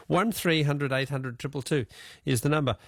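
Aussie male talkback host, gravelly, dry studio sound, chatty and musing. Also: fairly high pitch, moderate pace, fairly bright tone, dry recording. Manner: chatty, musing aloud, chuckles often. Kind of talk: casual radio chat with callers. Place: radio studio.

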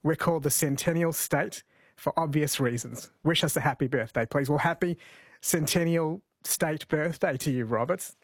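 A man's voice: on the high side, moderate pace, breathy edge, no echo. A man hosting live radio, reading out listener texts and running a phone quiz in a chatty way. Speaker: radio host.

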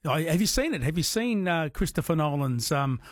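A man hosting a late-night radio quiz, chatty and quick to laugh with callers. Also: on the high side, big pitch swings, dry recording, clean studio sound. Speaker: radio host.

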